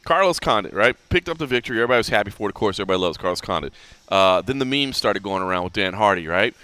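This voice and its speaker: Fast, lively man hosting. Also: lowish voice, clear, resonant tone, dry recording. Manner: animated, talks fast with many restarts. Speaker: podcast host. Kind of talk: casual sports chat.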